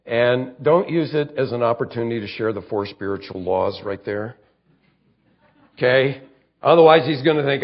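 A male pastor preaching a conversational sermon, acting out quoted lines and stumbling over quick restarts. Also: mid-range voice, muffled recording.

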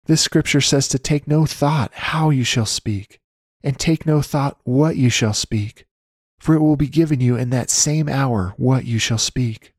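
A man reading a personal faith testimony aloud in an earnest, measured way, citing scripture references. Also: medium pitch, breathy edge, dry recording, clean studio sound. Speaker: Christian storyteller. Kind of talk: read devotional testimony.

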